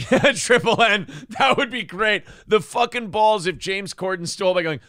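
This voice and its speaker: Male podcast host, lively pitch, dry close sound, jokey mock comedian bits. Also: moderate pace, dry recording. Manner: mock stand-up impressions, laughing often. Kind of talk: casual comedic chat.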